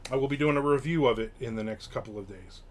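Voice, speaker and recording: A middle-aged man hosting a live stream, rambling casually with lots of fillers and sudden bursts of excitement. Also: mid-range voice, fast, slight background noise. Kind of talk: casual chat, reading and answering chat.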